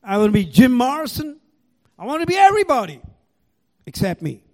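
His voice is very high-pitched and sing-song, fairly quick and a little mellow. The older Indian-accented man is giving a personal recovery share to a live audience, blunt, profane and storytelling.

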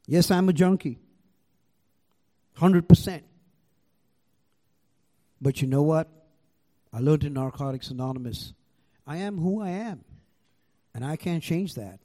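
A man's voice: on the high side, expressive, takes it slowly, pauses often, darkish tone. An older man with an Indian accent, sharing his recovery story to a live audience in a raw, profane, storytelling way. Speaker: recovery meeting speaker. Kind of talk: personal share to a live audience.

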